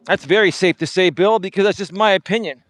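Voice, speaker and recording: A man's voice: high voice, a little fast, a bit bright, no echo. A man hosting a livestream, taunting a rival with repeated jabs. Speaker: livestream host. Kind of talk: confrontational livestream rant.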